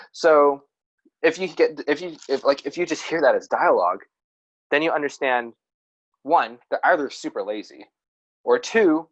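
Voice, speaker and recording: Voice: mid-range voice, highs cut off. A podcast co-host chatting casually about writing, rambling, restarting sentences and laughing at themself.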